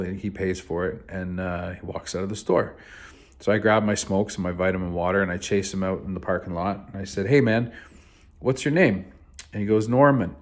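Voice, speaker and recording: A man with a deep, low voice tells a personal story straight to camera. He is from Canada and talks in a loose, rambling way, full of fillers like "uh" and "so," with the odd curse word thrown in. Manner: laid-back, rambling, with frequent fillers and swearing. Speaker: vlogger.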